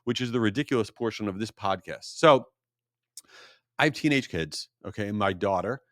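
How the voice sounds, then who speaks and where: A middle-aged man hosting his podcast, talking in a casual, animated storytelling way. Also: moderate pace, dry recording, studio quality. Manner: animated storytelling, rising to exasperated high pitch. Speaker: podcast host. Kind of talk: casual solo podcast monologue.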